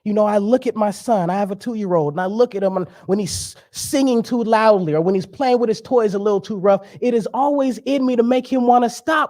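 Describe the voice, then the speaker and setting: High-voiced man preaching with humor. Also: brisk, hardly any pauses, darkish tone. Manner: conversational, joking, emphatic preaching. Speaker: guest speaker. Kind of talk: sermon.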